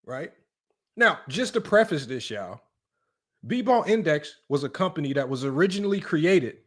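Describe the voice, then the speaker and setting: A man's voice: a little high, sing-song, moderate pace. A man hosting a live-stream basketball commentary, talking emphatically and repetitively, often tossing questions to his chat and arguing his point. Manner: emphatic and repetitive, often asks "right?" and addresses "y'all"; argumentative, talks straight to his live chat. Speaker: sports analytics streamer.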